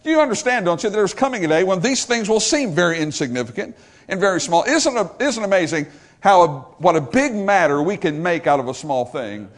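Man, preacher, sermon, high voice, lively rises and drops, emphatic, repeats himself. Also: fairly quick. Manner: emphatic and repetitive, swinging from loud to hushed.

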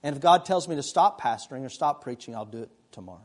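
A man's voice: medium pitch, animated, fast talker. A middle-aged male pastor preaching a sermon in a conversational way, mixing scripture with personal stories.

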